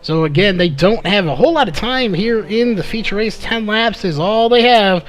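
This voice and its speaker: A man calling a live race play-by-play, slightly hoarse from losing his voice, with frequent "uh" fillers. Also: high-pitched, lively intonation, normal speed. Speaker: race commentator.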